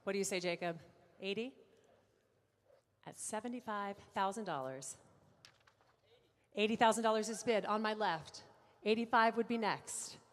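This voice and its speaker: A woman auctioneer runs a live car sale, rattling off figures and teasing bidders between calls. Her voice rings out in a large room with a long trailing reverb. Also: medium pitch. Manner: brisk bid-calling with playful asides to bidders.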